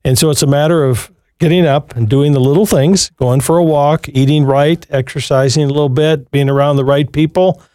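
A man's voice: a little high, fairly even intonation, fairly quick, few pauses, dark tone, no room sound. A man hosting a live Christian radio call-in show, giving earnest, encouraging advice to callers. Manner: earnest, encouraging, repeats and restarts phrases.

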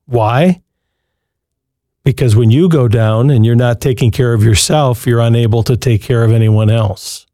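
A man's voice: mid-range voice, normal speed, dark tone, no echo, studio quality. A man hosting a live Christian radio call-in show, giving earnest, encouraging advice to callers. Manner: earnest, encouraging, repeats and restarts phrases.

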